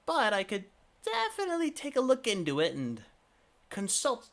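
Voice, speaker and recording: A man's voice: very high-pitched, moderate pace, vocal fry, pitched above the performer's own voice, heavily acted. A man voicing a small, friendly male shopkeeper who is an eager salesman with a chirpy manner. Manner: chirpy, eager, rising excitement.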